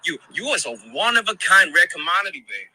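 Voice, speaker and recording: A man playing a slangy, smooth-talking flirt. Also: high-pitched, very animated, fast talker, noisy background. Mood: flirty.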